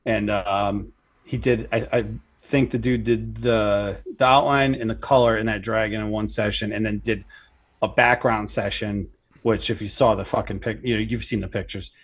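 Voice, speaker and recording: Male guest, easygoing talker, low-ish pitch, casual and a bit profane. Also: fairly even intonation, normal speed. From Connecticut. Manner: loose and easygoing, swears casually, many fillers. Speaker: tattoo artist guest. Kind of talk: casual chat.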